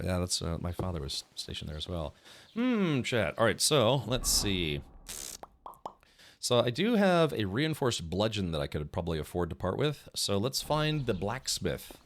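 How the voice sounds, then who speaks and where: A man's voice: fairly low pitch, slight background noise. A man chatting casually while he streams a game, musing aloud with many fillers. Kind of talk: casual gameplay commentary. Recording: faint game music behind.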